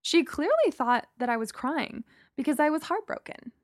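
A young woman reading a first-person story in a reflective, measured way. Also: sits high, big pitch swings, no room sound, clean studio sound. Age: young adult. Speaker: narrator.

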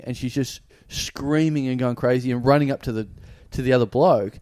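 An Australian man hosting a casual comedy podcast, telling rambling, halting anecdotes full of quoted dialogue. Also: medium pitch, darkish tone, no room sound. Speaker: podcast host.

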